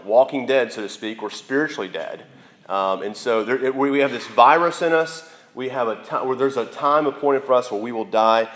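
Rambling conversational male preacher. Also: medium pitch. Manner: rambling, conversational, many fillers and restarts. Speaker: pastor. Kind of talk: casual sermon with personal stories.

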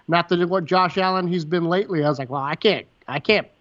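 Fast-talking man with lo-fi sound. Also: high-pitched, a bit bright. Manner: fast, repetitive retelling with quoted dialogue and swearing. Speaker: podcast co-host. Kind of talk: casual storytelling chat. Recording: dull lo-fi sound.

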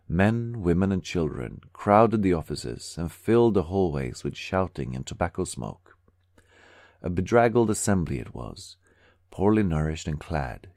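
Low voiced guy reading an old diary book aloud, steady, very dry close sound. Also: no room sound. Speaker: audiobook reader. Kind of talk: scripted narration.

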